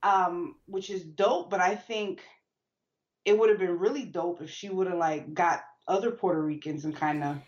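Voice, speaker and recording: Laid-back woman with a low voice. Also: normal speed, muffled recording. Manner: laid-back, hesitant, many fillers. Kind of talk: casual chat.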